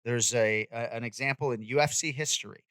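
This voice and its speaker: Bright-voiced man talking fights. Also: mid-range voice, no room sound. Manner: animated, quick and conversational. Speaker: podcast host and MMA commentator. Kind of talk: casual sports chat.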